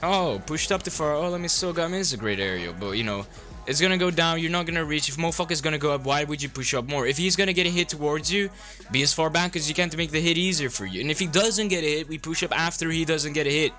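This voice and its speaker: A man's voice: on the high side, quick pace, pushed and bright, soft background music. A young man coaching a player through a game replay, blunt, sarcastic and full of swearing.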